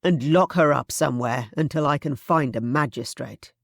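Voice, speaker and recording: A woman voicing an anguished, commanding young nobleman in a historical romance audiobook, giving forceful orders. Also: low voice, normal speed, gravelly, no room sound, studio quality. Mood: urgent commanding.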